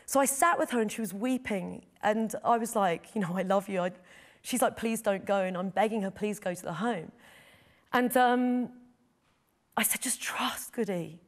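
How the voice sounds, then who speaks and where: A middle-aged woman, a photojournalist, telling a personal story in an interview, earnest and heartfelt. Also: fairly high pitch. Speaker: photojournalist guest.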